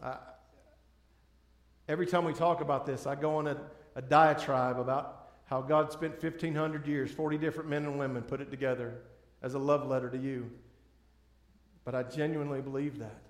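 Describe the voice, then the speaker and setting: A male pastor with a mid-range voice and fairly even intonation preaches at a moderate pace. Earnest and pleading, he frequently starts sentences again, his words echoing through the church sanctuary.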